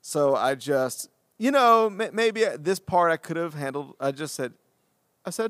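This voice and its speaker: A man who is a pastor and podcast co-host, telling a story in casual conversation, animated and self-deprecating as he acts out what people said. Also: on the high side, measured pace, dry recording, clean studio sound.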